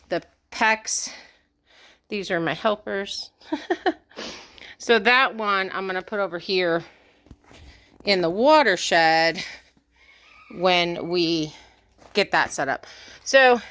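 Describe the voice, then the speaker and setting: A woman's voice: mid-range voice, a bit bright, dry recording. A woman vlogging casually around her homestead, chatty and a bit out of breath, laughing often and talking to her cats. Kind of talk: casual walkthrough vlog. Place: rural cabin homestead, indoors and out.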